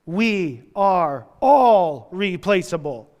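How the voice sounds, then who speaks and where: A man with a fairly high voice preaches a sermon, loose and joking, tossing in slangy asides as he goes. His voice rings out with a long reverb through a church hall. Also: very animated, very slow, darkish tone. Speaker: pastor.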